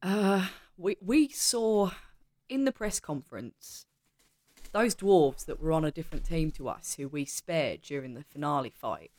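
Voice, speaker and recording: A woman playing a tabletop role-playing game and chatting casually, animated and chatty. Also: deep voice, unhurried. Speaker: player.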